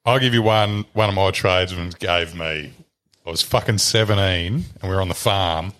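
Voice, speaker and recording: A man's voice: deep voice, normal speed, fairly bright tone. A young Australian man, a podcast guest, chatting casually, swearing freely and laughing at his own stories. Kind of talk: casual chat.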